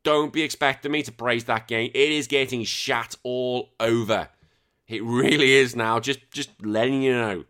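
A man hosting a podcast, chatting casually in a rambling, animated way and swearing freely. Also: medium pitch, normal speed, smooth. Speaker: podcast host.

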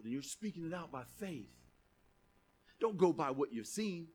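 A man preaching a sermon as pastor, emphatic, rising to shouts and dropping soft. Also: on the high side, very animated, moderate pace, a little hiss or hum.

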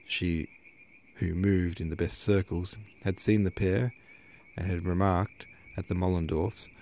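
A man narrating a classic novel aloud in a measured reading, now and then correcting a slip. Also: low voice, fairly even intonation, darkish tone, slight background noise. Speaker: audiobook narrator.

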